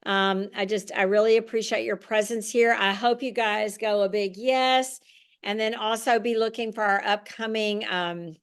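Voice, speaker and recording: A woman's voice: mid-range voice, fairly even intonation, moderate pace, smooth. Rambling woman hosting a yoga webinar. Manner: warm, rambling, with frequent restarts and fillers. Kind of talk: casual webinar talk.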